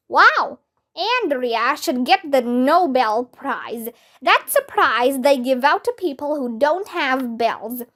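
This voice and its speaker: Lively woman reading a children's book. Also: high-pitched. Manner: lively, expressive, voices characters with squeals. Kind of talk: children's book read-aloud.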